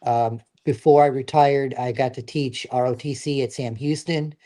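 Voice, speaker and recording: A man's voice: mid-range voice, fairly even intonation, normal speed, dark tone. A middle-aged man, a veteran guest, telling his stories in a casual, earnest, plain-spoken way. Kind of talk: casual storytelling.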